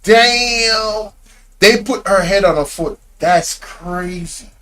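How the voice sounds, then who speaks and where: A man's voice: high voice, takes it slowly, bright, forceful tone, slight background noise. A man hosting a reaction video, exclaiming in disbelief, laughing often and talking to his viewers in casual slang. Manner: slang-heavy, addresses viewers directly.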